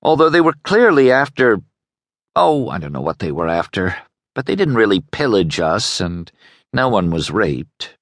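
A man's voice: fairly low pitch, very animated, normal speed, a bit bright, no room sound, heavily acted. A man voicing a determined young noblewoman in an audiobook, urgent and pleading. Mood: indignant. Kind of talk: audiobook character voice.

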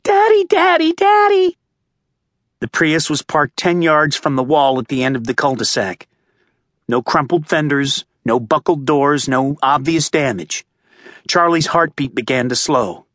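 A male audiobook narrator reading a thriller in a tense, measured way, close to the mic. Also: medium pitch, a bit bright, dry recording. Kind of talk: scripted narration. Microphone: close studio mic. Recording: dry close-miked studio.

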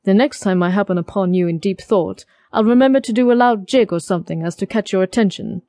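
A woman's voice: fast talker, mellow, dry recording, clean studio sound, lightly acted. A woman voicing a charming, teasing young man in an audiobook romance, with a playful, wry manner. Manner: playful, wry, lower-pitched.

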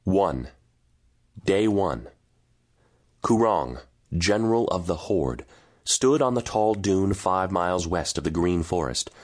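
Male audiobook narrator, deep register, steady grave storytelling. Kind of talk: scripted narration.

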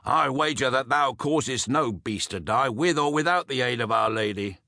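A male audiobook narrator voicing a gruff forester who mocks and hollers. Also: medium pitch, lively intonation, normal speed, pushed and bright, dry recording, studio quality. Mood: mocking. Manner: mocking, hearty. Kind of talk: audiobook character voice.

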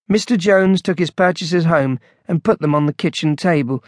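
A man narrating an audiobook in a measured, wry storytelling manner on a close studio mic. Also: fairly high pitch, no echo.

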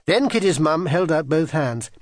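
A man narrating a children's audiobook in an expressive, animated storytelling manner. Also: fairly high pitch, moderate pace, dry recording.

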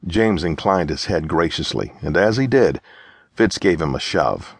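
A man reading a historical novel aloud as audiobook narrator, in measured storytelling. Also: sits low, animated, breathy edge, no echo, clean studio sound. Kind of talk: scripted narration.

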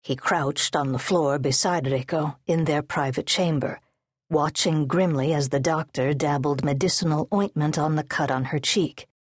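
Husky low-voiced woman narrating. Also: no room sound, clean studio sound. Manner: measured, steady storytelling. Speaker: audiobook narrator. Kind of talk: scripted narration. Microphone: close studio mic.

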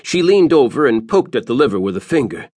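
A man narrating an audiobook with a dramatic, expressive reading. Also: mid-range voice, brisk, slightly rough, no room sound.

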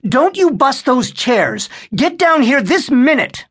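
A man's voice: extremely high pitch, sing-song, slow pace, a bit bright, pitched above the performer's own voice, exaggerated voice. A man voicing a stern mother calling sharply up the stairs to her children. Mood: scolding. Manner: scolding, calling out. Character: stern mother scolding from downstairs.

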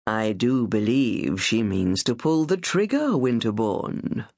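A woman narrating an audiobook voices a sinister, amused male aristocrat with a mellifluous voice and a soft, mocking drawl. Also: a bass voice, big pitch swings, slow pace, no echo, studio quality, pitched below the performer's own voice, heavily acted. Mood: silkily menacing. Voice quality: mellifluous, silky. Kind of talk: audiobook character voice.

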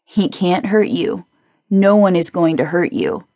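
A woman narrator voicing a calm, steady woman who soothes her partner in a soft, low voice. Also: measured pace, no room sound, close to an everyday voice. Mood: soothing.

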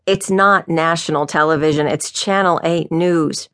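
A woman reading an audiobook voices a nervous, irritable middle-aged male police chief who talks in a gruff, grumbling way. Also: low-pitched, steady tone, measured pace, fairly bright tone, dry recording, studio quality.

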